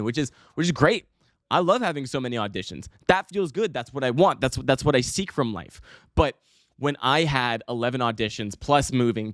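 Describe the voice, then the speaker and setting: A young man hosting his own podcast, telling a rambling, self-mocking story in a casual, animated way with some swearing. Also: medium pitch, no echo, studio quality. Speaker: podcast host.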